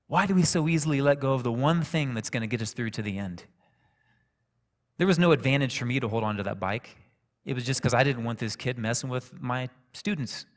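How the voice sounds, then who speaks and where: A man preaches a sermon, telling a personal story in a calm, conversational way. His voice sits at a middle pitch. The sound carries the long reverb of a church sanctuary.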